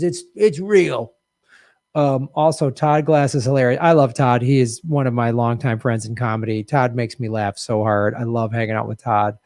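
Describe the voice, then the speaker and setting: A man hosting a podcast, reading viewer comments aloud and telling stories in an animated way. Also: medium pitch, no echo, studio quality. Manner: animated storytelling. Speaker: podcast host.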